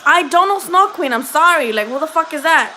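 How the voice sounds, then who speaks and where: High, bright-voiced woman bantering bluntly. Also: expressive, fairly quick, a little hiss or hum. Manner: blunt, profane and joking, talks back to chat. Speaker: host of a boxing livestream. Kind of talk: casual livestream chat.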